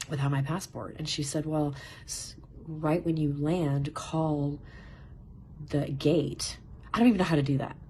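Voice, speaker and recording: A woman casually telling a personal story in an animated way, swearing and laughing as she goes. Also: low-pitched, slight background noise.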